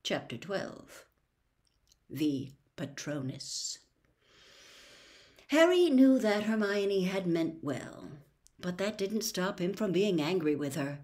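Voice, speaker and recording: A woman reading a children's novel aloud as an audiobook, measured and expressive. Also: medium pitch. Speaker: audiobook reader. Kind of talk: scripted storybook narration.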